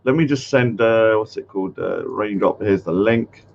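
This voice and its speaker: A man's voice: fairly low pitch, moderate pace, gravelly, highs cut off. A man hosting a casual livestream, rambling with lots of fillers and getting easily annoyed. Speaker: host.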